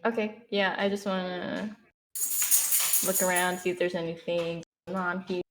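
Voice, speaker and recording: A woman playing a tabletop game, playful and quick to laugh, with some fillers. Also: lowish voice, steady tone, faint music behind, rough recording. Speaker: player.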